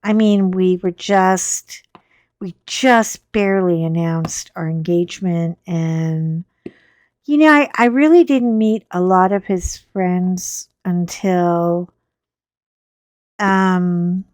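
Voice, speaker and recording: A middle-aged woman, hosting a crafting channel and telling rambling, animated stories while she works. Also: lowish voice, slow pace, dry recording, clean studio sound. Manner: chatty, rambling, animated storyteller. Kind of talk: casual storytelling while crafting.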